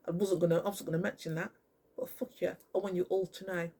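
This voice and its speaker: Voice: medium pitch, level tone, fast talker, mellow. A speaker delivering an angry, profane, rambling monologue to camera.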